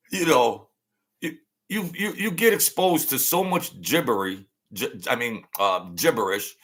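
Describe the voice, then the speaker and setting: A middle-aged man rants on a livestream in a slow, deliberate drawl, repeating his jabs and answering chat. His voice is bright and forceful, with a sharp, mocking edge. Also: mid-range voice. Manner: blunt, mocking, repetitive, rants loudly then laughs. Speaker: channel host. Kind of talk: livestream commentary reading chat.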